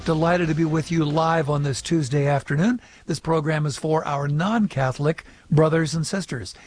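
A man hosting a live call-in radio show, upbeat and clear as he reads out contact details. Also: on the high side, fairly even intonation, moderate pace, a little mellow.

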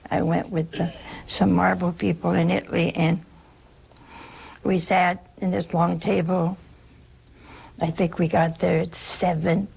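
An American woman with a deeply husky, gravelly voice full of rough grain gives a casual spiritual talk, keeping it chatty and funny and acting out bits of dialogue. Her pitch barely moves, her pace is measured, and she pauses often, with a slightly mellow tone.

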